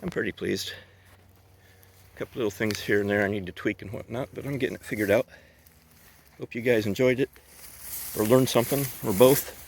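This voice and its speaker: A man's voice: lowish voice, fairly quick, creaky, pauses often, a little hiss or hum. A man hosting a casual outdoor video, chatting to viewers in a folksy way as he works. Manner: chatty, folksy, talks to viewers while working. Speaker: video host. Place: outdoors at a log-milling site.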